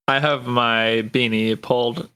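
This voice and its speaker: Male player, unhurried and bright-toned, asking questions. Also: mid-range voice, steady tone, smooth, no echo. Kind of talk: tabletop role-play chat.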